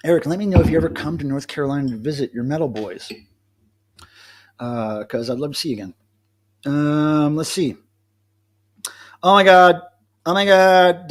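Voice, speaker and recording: A middle-aged man hosts a casual livestream alone from home, rambling, amusing himself, and joking with viewers as he chats to commenters by name. His voice is fairly high-pitched and a little mellow.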